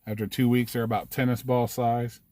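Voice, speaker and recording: A man's voice: medium pitch, little pitch movement, fairly quick, mellow. Foul-mouthed man telling a story. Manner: heavy swearing, rambling. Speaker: livestream host. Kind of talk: casual storytelling.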